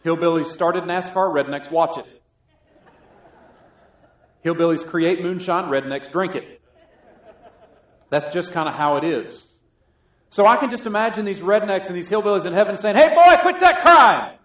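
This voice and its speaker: A man from South Carolina preaching a sermon, joking and swinging between loud and soft. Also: high voice, steady tone, normal speed, long pauses. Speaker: pastor. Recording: echoey room.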